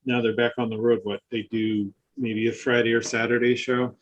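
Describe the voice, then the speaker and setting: A man's voice: medium pitch, moderate pace, rough recording. A man co-hosting a podcast, chatting casually and agreeably, often chiming in with short replies. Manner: relaxed, agreeable, lots of backchannel. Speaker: podcast co-host. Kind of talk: casual chat.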